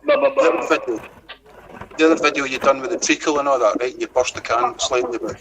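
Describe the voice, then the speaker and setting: A man's voice: mid-range voice, fairly quick, over a noisy crowd, low-quality recording. A Scottish man joining a casual online chat as a guest, blunt, sweary and joking.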